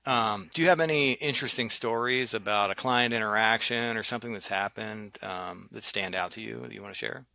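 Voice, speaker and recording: An interviewer asking questions and sharing a short anecdote in a relaxed, casual way. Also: mid-range voice, fairly quick, vocal fry, few pauses, no echo.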